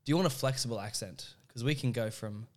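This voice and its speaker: A man's voice: mid-range voice, fast talker. A man, a comedian guest, chatting and joking in a loose, improvised way. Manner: jokey, laughs often, jumps into silly accents.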